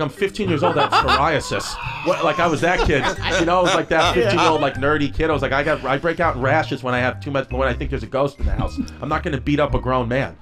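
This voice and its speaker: A man rattles through a personal anecdote at a quick clip, his voice lively and breaking into laughter. He tells it like a podcast tale among friends. Faint music sits underneath. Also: mid-range voice. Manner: animated, laughing through the story. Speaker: podcast storyteller. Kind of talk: casual storytelling.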